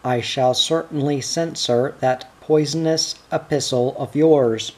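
Prim, exasperated schoolmaster voiced by a male reader, mellow tone, unhurried. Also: medium pitch, steady tone, close to an everyday voice. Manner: prim, scolding.

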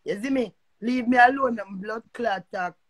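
In a fairly high voice at a moderate pace, an older woman with a Jamaican accent rants confrontationally on a live stream, swearing and saying things over and over. She's a social media personality, and the mood is heated.

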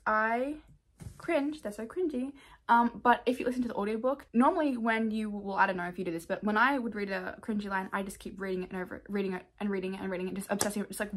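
A young Australian woman with an Australian accent, chatting casually in a rambling book haul vlog from her room, full of "like" and quick asides. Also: on the high side. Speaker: book vlogger.

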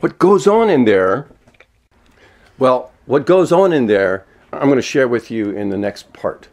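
A man in his seventies ranting alone at home, swearing a lot and swinging between angry outbursts and a soft, mock-gentle tone. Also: medium pitch, lively intonation, a little slow. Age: 70s. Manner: frequent swearing and self-mocking laughs. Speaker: vlogger. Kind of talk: unscripted solo rant. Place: walking around indoors at home.

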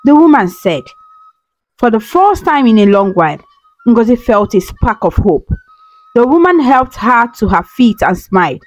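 A woman storyteller narrating a folktale in a calm, earnest scripted way. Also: fairly high pitch, moderate pace, faint music behind, poor audio.

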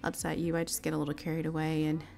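A woman doing a jittery young guy in a life-sim game, pitched a touch lower than her usual voice, hesitant and sorry for himself. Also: monotone, very fast, creaky, a little mellow. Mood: apologetic. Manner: apologetic, hesitant. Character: young man nervous about riding.

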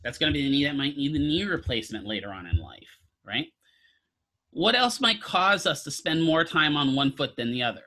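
A man's voice: fairly high pitch, very animated, fairly quick, sharp tone. A man teaching a physical therapy class, lecturing casually, quizzing students and throwing in jokes. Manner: asks students questions, casual joking asides.

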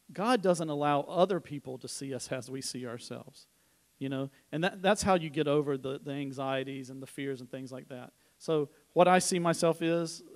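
A middle-aged man giving a conversational sermon at church, telling personal stories with informal restarts and asides. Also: mid-range voice. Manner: informal storytelling, frequent restarts. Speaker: church speaker.

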